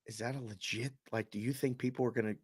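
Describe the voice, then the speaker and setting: A man's voice: mid-range voice, steady tone, fast, darkish tone, husky, dry recording, clean studio sound. A man co-hosting a sports betting show, a former bookmaker, talking in a rambling way with stammered restarts. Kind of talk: casual sports debate.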